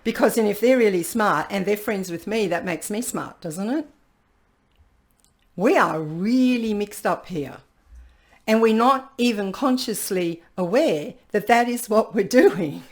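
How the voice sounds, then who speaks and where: A woman leading an online workshop over a video call, lively and playful, acting out what people think to themselves. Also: medium pitch, measured pace. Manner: lively, playfully acts out people's inner dialogue. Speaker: workshop facilitator.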